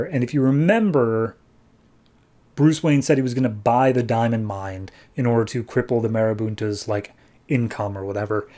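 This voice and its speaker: A man retells a comic-book story as a podcast host, casual and wry, with a warm, mellow tone at an everyday pitch. His delivery is breezy and full of quick asides. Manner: breezy and sarcastic, slips into quick character voices.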